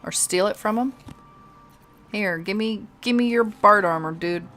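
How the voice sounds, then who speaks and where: A woman's voice: mid-range voice, takes it slowly, a bit bright, faint music behind. A woman streaming a game live, chatting casually and rambling, laughing often. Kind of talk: casual chat over gameplay.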